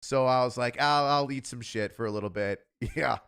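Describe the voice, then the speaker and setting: A man's voice: medium pitch, moderate pace, fairly bright tone, clean tone. A man, a police officer hosting a stream, talking in a rambling, profane, laughing way. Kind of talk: casual chat.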